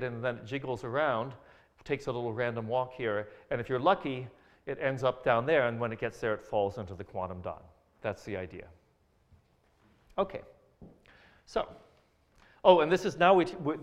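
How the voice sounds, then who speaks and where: A man lecturing on science in a hall, pointing through slides as he explains. He stumbles and restarts often, filling pauses with ums and uhs, and slips in dry jokes. His voice sits at an ordinary middle pitch. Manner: hesitant, many fillers and restarts, dry jokes.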